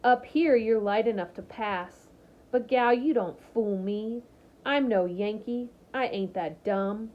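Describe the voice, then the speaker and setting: A woman's voice: mid-range voice, slow, close to an everyday voice. A woman voicing a gaunt, spiteful older Southern landlady who drawls and sneers, in a muffled lo-fi recording. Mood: scornful.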